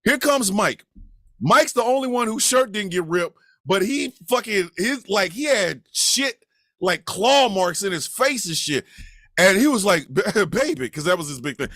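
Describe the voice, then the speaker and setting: A man from Kansas City telling a comedic story on a podcast. He talks in an animated, profane way, acting out the voices of the people in it and breaking into shouts. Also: high voice, unhurried, no echo, studio quality. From Kansas City, USA.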